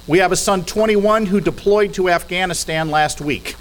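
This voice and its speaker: A man's voice: high voice, moderate pace. A middle-aged man giving a persuasive talk from a podium in a church hall, asking rhetorical questions and adding dry humorous asides. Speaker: guest speaker.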